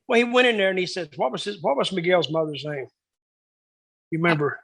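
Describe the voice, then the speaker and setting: This man's voice is high, expressive, gravelly and fairly bright, moving fairly quickly as he rambles through backstage stories in a casual interview. He performs the quoted lines of the characters himself, and the recording is low quality.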